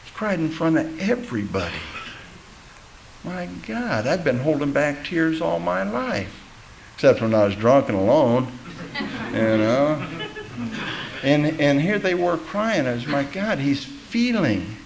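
A man's voice: fairly high pitch, sing-song, unhurried, creaky, pauses often, slight background noise, low-quality recording. A man giving a personal testimony at a recovery meeting, telling his story candidly and with self-mocking humor, acting out the voices of people he quotes.

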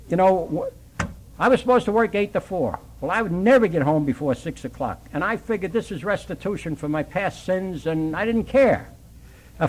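A man's voice: high-pitched, low-quality recording. An older man telling his sobriety story in a plainspoken, working-class way, acting out the dialogue. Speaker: recovering alcoholic sharing his story. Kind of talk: storytelling at a recovery meeting.

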